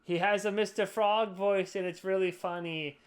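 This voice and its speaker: A man's voice: high voice, steady tone, moderate pace, clear, resonant tone. A drunk young man hosting a podcast, rambling and swearing as he chats. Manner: rambling, profane, slurry. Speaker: podcast host. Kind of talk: casual drunk chat.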